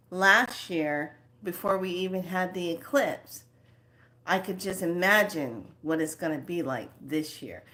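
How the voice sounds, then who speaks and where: Slow-talking woman, low voice. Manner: slow, rambling, with soft asides. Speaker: spiritual channel host. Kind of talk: casual spiritual monologue.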